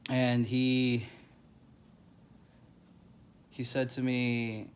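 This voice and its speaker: A grieving man telling a personal story to camera in a halting, emotional way, with many pauses and restarts. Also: medium pitch, fairly even intonation, slight background noise.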